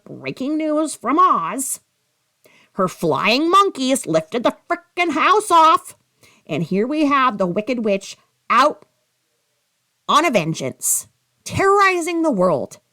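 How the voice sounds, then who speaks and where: A woman's voice: a little high, a bit bright. A woman giving a heated, sarcastic commentary rant, scolding with rhetorical questions and audibly angry. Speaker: commentary YouTuber.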